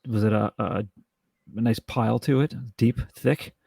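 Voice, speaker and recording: A man co-hosting a podcast, chatting casually about a movie with halting restarts and dry jokes. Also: medium pitch, fairly even intonation, vocal fry, a little mellow, husky, dry recording. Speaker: podcast co-host. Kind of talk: casual film review chat.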